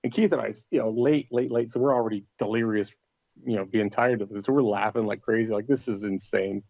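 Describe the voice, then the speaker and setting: A fast-talking middle-aged man with a medium-pitched voice is a guest on a podcast, telling a casual story. He animatedly acts out what other people said in livelier tones. The recording sounds dry and muffled.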